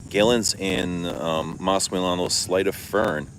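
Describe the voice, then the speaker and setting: Casting: middle-aged canadian guy, very low voice, loose casual live chat, cusses a lot, faint background noise. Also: slow, rough recording. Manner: swears freely, laughs, animated storytelling. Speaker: fragrance vlogger. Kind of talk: casual livestream chat answering comments.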